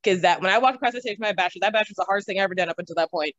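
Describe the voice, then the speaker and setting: A young woman telling stories from her own life in an interview. She is animated, laughs often and swears casually. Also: medium pitch, racing. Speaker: interview guest. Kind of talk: casual storytelling. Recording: slightly dull, dry recording.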